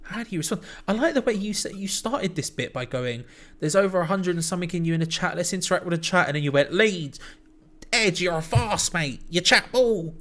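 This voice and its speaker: A man co-hosts a casual live football stream. His voice sits a little above the usual male pitch. He teases his co-host and reads chat messages in playful banter. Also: animated, fast, fairly bright tone. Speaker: co-host of a football watch-along.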